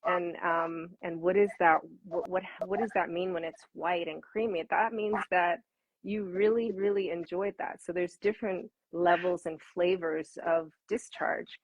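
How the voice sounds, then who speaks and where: Husky, animated woman coach. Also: fairly low pitch, a little slow, no echo, narrow, tinny audio. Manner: animated, repeats words for emphasis, laughs often. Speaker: intimacy coach guest. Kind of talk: conversational interview answers.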